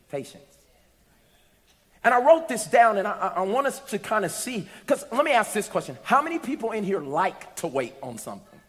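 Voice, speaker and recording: A man preaching a sermon to a congregation, telling a story and building to shouted peaks. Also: sits high, big-room sound. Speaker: pastor. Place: church hall with congregation.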